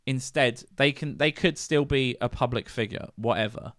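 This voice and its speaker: A man's voice: mid-range voice, moderate pace, fairly bright tone, dry recording, clean studio sound. A man co-hosting a podcast in casual chat, opinionated and ranting, laughing often. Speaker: podcast co-host.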